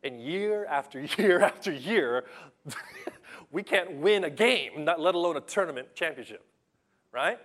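Young male pastor-coach, slightly high pitch, conversational sermon delivery, acts out quoted voices. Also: a little slow. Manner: conversational, animated storytelling with acted-out quotes.

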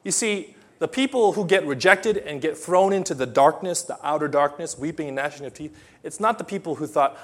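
A man's voice: fairly high pitch, expressive, fairly quick, hardly any pauses. Emphatic preacher man with a lighter voice. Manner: emphatic, swings from hushed to loud voices of imagined people. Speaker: pastor. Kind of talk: sermon.

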